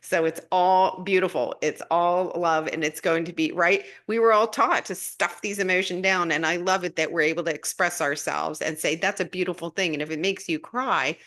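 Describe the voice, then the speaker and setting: A woman's voice: moderate pace, hardly any pauses. A middle-aged woman hosting a spiritual live stream, chatting casually and answering viewer comments with gushing enthusiasm. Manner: warm, gushing, breaks into excited high-pitched asides. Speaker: spiritual guidance host.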